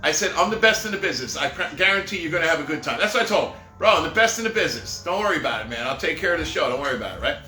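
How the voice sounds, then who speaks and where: A man's voice: fairly high pitch, animated, very fast, few pauses, bright, forceful tone. A middle-aged man telling rambling, jokey stories on a live stream and laughing at his own jokes, recorded in an echoey room with faint music behind. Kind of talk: casual storytelling.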